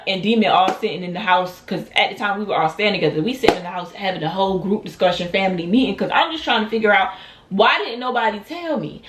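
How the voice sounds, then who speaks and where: A woman's voice: mid-range voice, fairly bright tone. A young woman, telling a dramatic storytime straight to her viewers and acting out what people said. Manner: dramatic, talks straight to viewers, acts out quotes. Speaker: storytime vlogger. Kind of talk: animated storytime vlog. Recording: roomy echo.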